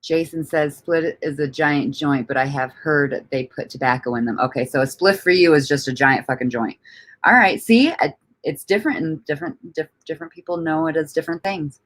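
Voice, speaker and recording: A woman with a low, brisk voice hosts a casual livestream. She reads viewer comments aloud and rambles through her thoughts, laughing often and swearing casually.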